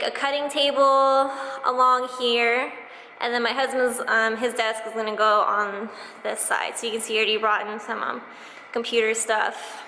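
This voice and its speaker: Chatty young woman, bright echoey voice. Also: a little high, a little hiss or hum. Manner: chatty, many fillers like um and like. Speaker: sewing vlogger. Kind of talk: casual vlog chat. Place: home and empty basement, indoors. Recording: echoey room.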